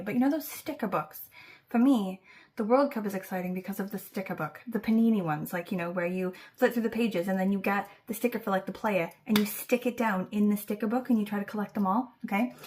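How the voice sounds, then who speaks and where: A woman hosting a book channel, talking casually to camera with lots of fillers and playful asides. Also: mid-range voice. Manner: chatty, many fillers, playful and self-teasing. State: fighting back tears. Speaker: booktube host announcing a reading challenge.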